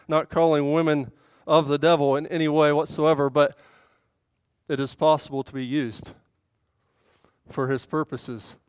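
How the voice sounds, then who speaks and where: A woman's voice: very deep voice, smooth, no echo. Female preacher, earnest sermon delivery, clean dry close-mic sound. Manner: earnest, swelling loud and emphatic on key points. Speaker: women's speaker at a church service. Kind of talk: sermon with scripture reading.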